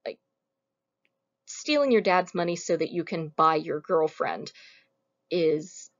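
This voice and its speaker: A woman's voice: on the low side, lively intonation, slow pace. A woman giving a recorded lecture in a casual, wry, conversational way. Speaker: lecturer on Roman comedy. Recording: muffled lo-fi recording.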